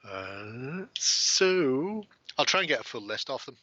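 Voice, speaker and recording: A man's voice: medium pitch, very animated, slow, pushed and bright, no echo, highs cut off. A man hosting a casual chat, swearing and joking freely. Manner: sweary, laughing banter. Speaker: host.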